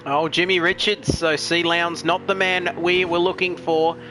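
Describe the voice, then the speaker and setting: Chatty commentator with a high, bright voice, over a faint background hiss. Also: male voice, level tone, measured pace. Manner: chatty, joking, reads chat messages aloud. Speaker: race commentator. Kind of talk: sim racing commentary.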